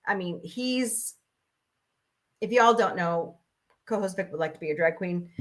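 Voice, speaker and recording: A woman's voice: medium pitch, pushed and bright. A woman in her forties hosting a casual talk stream, ranting bluntly and profanely, laughing often. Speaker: host.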